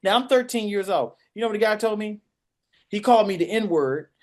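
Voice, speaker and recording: Dc man telling a story on a podcast, loud and animated, does all the voices. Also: high-pitched, brisk. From Washington, DC. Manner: animated, acts out voices and shouts. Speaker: podcast co-host. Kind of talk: casual storytelling.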